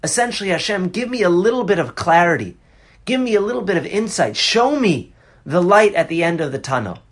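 A man's voice: fairly high pitch, a bit bright. A man in his thirties teaching a Torah class on a psalm, earnest and conversational with bursts of passion.

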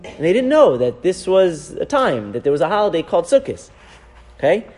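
A man teaching a Torah class as a rabbi, animated, asking rhetorical questions and weaving in Hebrew terms. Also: sits high, a little fast, husky. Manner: animated, asks rhetorical questions, frequent "right?".

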